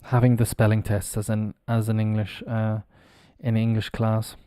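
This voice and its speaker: A man from Ireland teaching English on a live stream, who spells words out slowly letter by letter and explains how they are pronounced. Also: fairly low pitch, completely flat delivery, mellow, dry recording, studio quality. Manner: explains pronunciation while working on screen.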